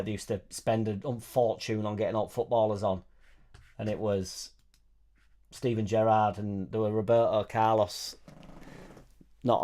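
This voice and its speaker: A man's voice: on the low side, mellow. A man hosting a casual live stream from a home studio, chatting in a rambling, jokey way and reading out viewer comments. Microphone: suspended studio microphone.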